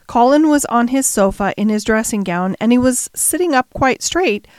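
A woman's voice: a little high, expressive, a little mellow, clear, resonant tone, dry recording. Dry, close woman audiobook narrator. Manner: measured storytelling. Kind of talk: scripted narration.

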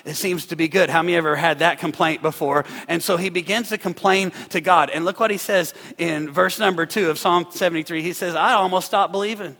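A male pastor preaching a sermon, swinging from quiet, hushed passages up to fervent shouting. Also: a little high, fairly even intonation, a little fast, few pauses, long reverb tail. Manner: preaching with big swells to shouting and drops to hushed tones. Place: church hall.

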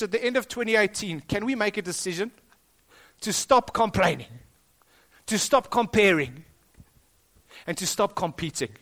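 A man's voice: high-pitched, a bit bright. A South African man preaching a sermon to his church in a school hall, emphatic and repetitive. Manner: emphatic, rising and dropping for stress, repeats phrases. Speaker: pastor.

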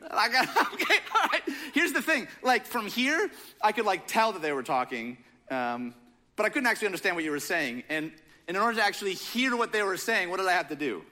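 A young man preaching a sermon in a casual, joking, animated storytelling manner. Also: high-pitched, fast. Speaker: pastor.

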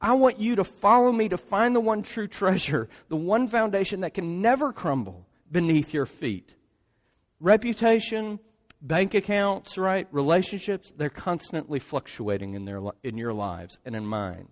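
A man's voice: high-pitched, animated, moderate pace. A man preaching a sermon in an emphatic way, often tossing in rhetorical asides. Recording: long hall reverb.

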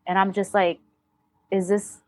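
A woman's voice: mid-range voice, flat delivery, measured pace, a little mellow, no room sound. A woman in an interview, speaking in a mid-range voice with a blunt, emotional, swearing manner. She tells her story candidly and acts out bits of past conversations. The sound is dry and close, with no room around it. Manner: blunt and profane, emotional, re-enacts dialogue. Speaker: interview guest.

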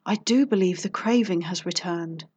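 A woman's voice: lowish voice, normal speed, darkish tone, husky. A woman voicing a bold female private investigator with a smug, teasing and sultry manner.

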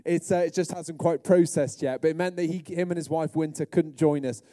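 A middle-aged British man preaching a sermon, telling humorous stories in a lively way. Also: a little high, fairly quick, dry recording, studio quality. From Britain. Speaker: pastor.

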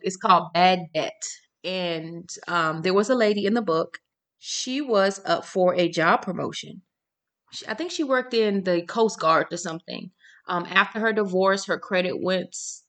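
A woman's voice: lowish voice, a bit bright. A woman in her thirties hosting a casual solo podcast, chatty and informal, often repeating her words for emphasis. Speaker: podcast host.

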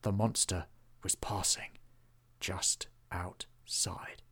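A man who writes and narrates his own storybook series, reading in a measured storytelling cadence. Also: low-pitched, flat delivery, a bit bright, breathy edge, whispered. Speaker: author and narrator.

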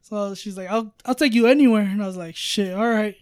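A man's voice: high-pitched, a little fast, darkish tone, clear, resonant tone, no room sound, clean studio sound. Rambling, profane young-sounding man. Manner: rambling, profane, filler-heavy storytelling. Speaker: storyteller guest. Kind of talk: casual podcast chat.

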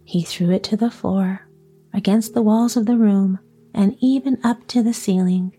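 A woman narrating a classic children's story in a soft, partly whispered storytelling voice. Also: mid-range voice, normal speed, slightly rough, faint music behind.

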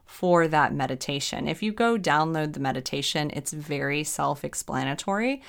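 A woman's voice: sits low, animated, moderate pace, vocal fry. A woman hosting her own podcast as a hypnotherapist, talking in a chatty, upbeat way and laughing at herself. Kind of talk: casual solo podcast talk.

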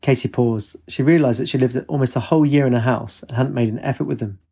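Male story narrator, steady reading, dark mellow tone, gravelly. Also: mid-range voice, fast talker.

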